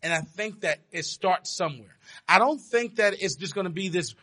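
A man's voice: high voice, normal speed, sharp tone. A man co-hosting a podcast, arguing his point insistently in casual debate over interruptions. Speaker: podcast co-host.

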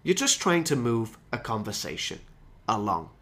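A man hosting a podcast lesson for English learners, explaining phrases and slowing down to stress key ones. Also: mid-range voice, sing-song, noisy background. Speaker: English teacher and podcast host.

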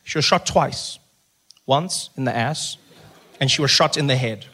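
A man's voice: medium pitch, unhurried, sharp tone, husky. A man performing a stand-up comedy routine, punchy, acting out quotes. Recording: archival stand-up clip with noise.

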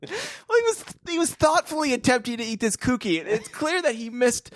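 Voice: high voice, moderate pace, no echo, clean studio sound. A podcast co-host in casual chat, playful and laughing often. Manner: giggly, playful, very expressive.

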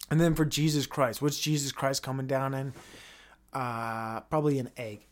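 A man's voice: mid-range voice, steady tone, moderate pace. A man hosting a solo podcast, rambling and joking with frequent profanity as he talks to himself. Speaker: podcast host.

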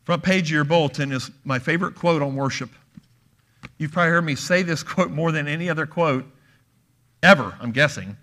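A man's voice: a little high, brisk, bright, forceful tone. A man preaching a sermon in a church, earnest and emphatic, often asking his listeners questions. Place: church sanctuary.

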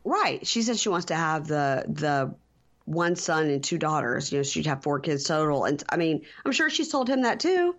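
A woman's voice: low voice, big pitch swings, moderate pace, muffled recording. A woman co-hosting a casual podcast recap, retelling scenes in a chatty way with wry asides. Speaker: podcast co-host. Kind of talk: casual reality-TV recap chat.

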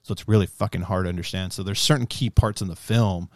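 A man talking in a casual, profane chat, loud and animated, whose voice jumps up high when he gets heated. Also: fast talker, no room sound, studio quality.

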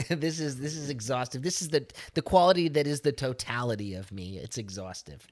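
A man's voice: mid-range voice, brisk, no echo, clean studio sound. A man co-hosting a casual podcast chat, wry and joking. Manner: wry, joking, acts out silly voices. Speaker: podcast co-host.

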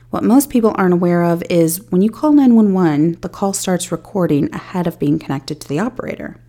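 A woman with a fairly low, warm and mellow voice reads a scripted true-crime narration as a podcast host. She keeps a measured pace and drops in candid personal asides along the way. Her delivery stays even and steady throughout.

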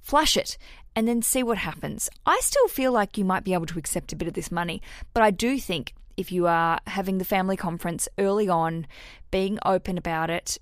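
A woman's voice: mid-range voice, fairly quick, no echo, clean studio sound. A woman hosting a podcast and giving casual, frank wedding advice, swearing freely and putting on voices to quote people. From Australia. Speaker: podcast host answering listener questions.

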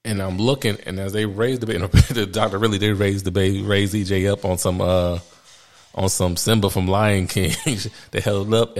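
A man's voice: deep voice, a little mellow. A man in his thirties telling candid, rambling stories about becoming a father, laughing often as he talks. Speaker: father sharing parenting stories. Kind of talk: casual personal storytelling.

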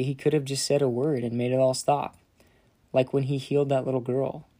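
A man narrating a children's Bible story with gentle, dramatic storytelling that softens in solemn moments. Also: medium pitch.

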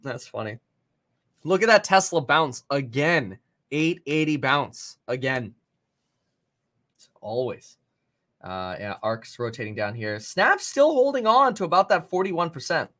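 Animated man calling live stock moves. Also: on the high side, measured pace, long pauses. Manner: casual, thinking aloud, bursts of excited exclamations. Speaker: stock market livestream host. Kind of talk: live market commentary.

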